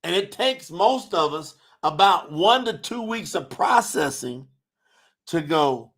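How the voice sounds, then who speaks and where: A man's voice: on the high side, takes it slowly. A man hosting a religious livestream, reading chat comments aloud and preaching. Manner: animated, preacher-like, shouts at times. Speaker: religious talk host.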